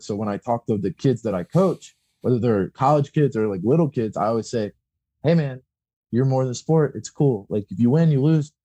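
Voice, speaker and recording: A man's voice: medium pitch, mellow, slightly rough, dry recording, muffled recording. A young man, a wrestling coach, talking candidly and bluntly in a casual podcast chat, swearing freely and acting out quotes.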